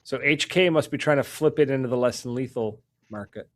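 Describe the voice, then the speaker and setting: A man's voice: mid-range voice, a little fast. A man hosting a podcast, telling stories casually, laughing often and acting out the people in them. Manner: animated storyteller who laughs often and acts out the people in his stories. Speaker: podcast host. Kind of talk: casual storytelling chat.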